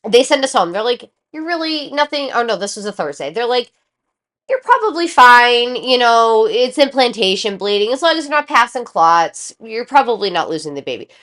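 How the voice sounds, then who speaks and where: This co-host has a higher voice and talks at normal speed as she relates a personal story on their casual chat podcast. Lively and unfiltered with her swearing, she acts out each quoted person's voice.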